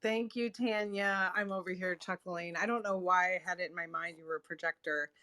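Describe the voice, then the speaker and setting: Female host, relaxed talker, slightly low pitch, very dry close recording. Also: brisk, no echo. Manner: warm, chatty, many ums and laughs. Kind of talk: casual chat.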